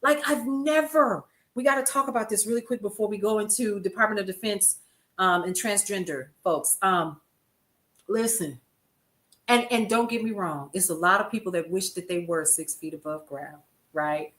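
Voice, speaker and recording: A woman's voice: medium pitch, normal speed, a bit bright, reverberant. An older woman, a grandmother, hosting a casual news commentary stream, chatty and laughing often as she talks to her viewers. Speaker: host.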